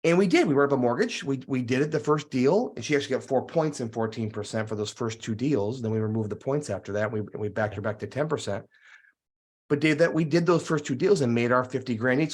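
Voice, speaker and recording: A middle-aged man telling stories as a guest in a podcast interview, acting out the dialogue he recalls. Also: medium pitch. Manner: animated storyteller, acts out quoted dialogue. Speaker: guest real estate investor.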